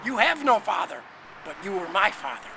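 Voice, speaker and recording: Guy doing a brash loud first man, high and lively, bit gravelly. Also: normal speed, heavy background noise, full character voice. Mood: blustering.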